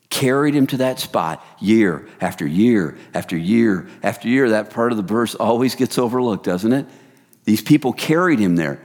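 A man preaching a sermon in a casual, animated way, swinging from hushed lines to loud excited bursts. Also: mid-range voice, in a large hall. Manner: casual, addresses the crowd as "you guys".

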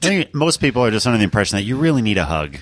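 Man, podcast host, teasing, lively intonation, deep, dry sound. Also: very fast, a little hiss or hum. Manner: teasing, jokey interjections. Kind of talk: casual podcast chat.

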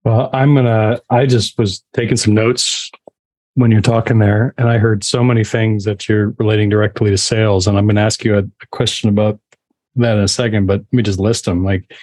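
A man's voice: on the low side, little pitch movement, normal speed, a little mellow. A man hosting an interview podcast, summing up his guest's points as a list. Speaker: podcast host.

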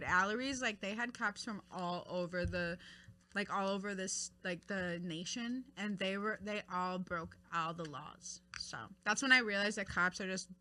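A young woman co-hosting a podcast, bantering loudly and crudely with a friend. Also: medium pitch, normal speed. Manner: loud, crude, laughing banter. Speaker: podcast co-host. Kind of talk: casual chat.

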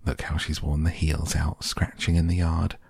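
A man playing a stout, anxious hedgehog washerwoman from a storybook, fussing over her laundry with endless polite "if you please" phrases. The voice is husky and gravelly, lifted a little above a deep speaking voice, dry and close. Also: little pitch movement, normal speed, a little mellow, no echo, full character voice. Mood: fussing politely.

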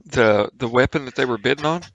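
A man playing a tabletop game casually, relaxed and a bit hesitant. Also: mid-range voice, brisk, no echo, muffled recording. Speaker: player.

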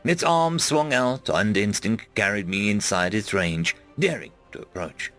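A man narrating a web serial chapter aloud in first person, reading expressively with big dramatic swings and shouting out the dialogue. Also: on the low side, animated, unhurried, soft background music. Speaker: audiobook narrator.

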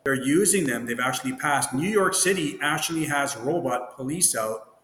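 A man's voice: medium pitch, animated, moderate pace, crowd noise. A man from Ontario, a guest, telling anecdotes in casual chat and acting out the dialogue he quotes. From Ontario, Canada. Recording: roomy echo with long reverb, faint noise.

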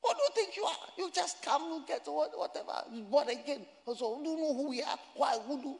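A man's voice: very high voice, animated, brisk, vocal fry, voice pushed up, exaggerated voice. A preacher doing an angry man. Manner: shouting, scolding, repeating himself. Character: indignant proud man shouting at a stranger. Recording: echoey hall reverb.

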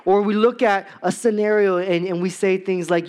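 A man's voice: high voice, fairly even intonation, normal speed, few pauses, darkish tone, smooth. A man preaching a sermon, opening with a personal story and moving into rhetorical questions for the congregation. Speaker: pastor.

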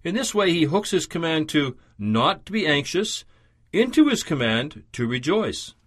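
A man giving a scripted radio devotional sermon, reading in a measured, earnest and emphatic way. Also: fairly high pitch, sing-song.

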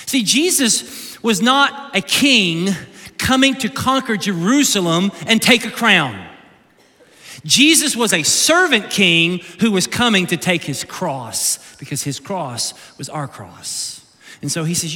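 A male pastor preaching an animated, humorous sermon, often repeating words as he goes. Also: high-pitched, slow. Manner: animated, joking, repeats words mid-sentence. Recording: long reverb of a large hall.

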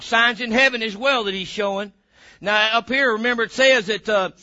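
A man preaching a sermon as pastor, emphatic and fervent, breaking into sudden loud bursts. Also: high voice, normal speed, highs cut off.

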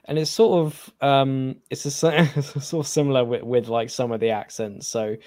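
A man's voice: mid-range voice, fairly even intonation, moderate pace, darkish tone, dry recording, studio quality. An English man co-hosting a podcast, chatting casually about a film with many fillers and restarts. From England. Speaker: podcast co-host.

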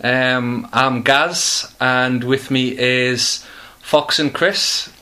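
A man's voice: medium pitch, steady tone, sharp tone. A British man hosting a casual podcast, hesitant with many fillers. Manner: hesitant, filler-heavy, slow. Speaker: podcast host. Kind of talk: casual chat.

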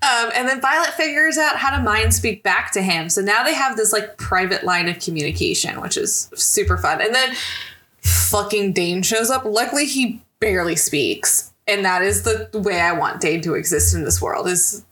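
Bright-voiced woman recapping a book. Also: medium pitch, expressive, moderate pace, hardly any pauses. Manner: chatty recapping, laughs often. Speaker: podcast co-host. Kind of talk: casual book chat.

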